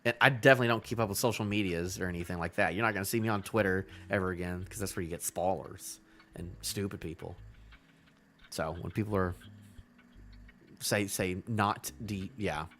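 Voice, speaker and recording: A young man hosting a casual live reaction stream, talking in animated, rambling asides full of restarts. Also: low voice, fairly quick, faint music behind. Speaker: host reacting to a new comic chapter.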